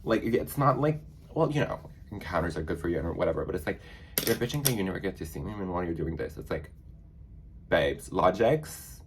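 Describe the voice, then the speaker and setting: A man's voice: low voice, animated, fast, a little hiss or hum. A man chatting casually in a sassy, dramatic storytime vlog, full of fillers. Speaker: vlogger.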